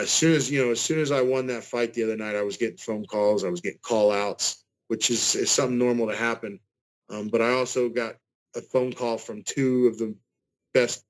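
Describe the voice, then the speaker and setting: A man's voice: medium pitch, low-quality recording. A man in his forties, a fighter giving a casual interview over a video call, earnest and rambling, often restarting his sentences. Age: 40s. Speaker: guest fighter.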